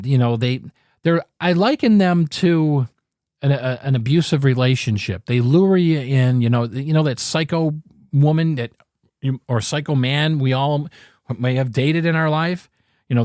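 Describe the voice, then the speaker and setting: A man in his fifties talks straight into the mic, blunt and swearing freely as he hosts his own show. His voice sits at an ordinary middle pitch, and the sound is close and dry with no room echo. He pushes hard on his points and often restarts a phrase midway. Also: darkish tone. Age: 50s. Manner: candid, profane, emphatic, with frequent restarts. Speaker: podcast host. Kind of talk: blunt opinion monologue.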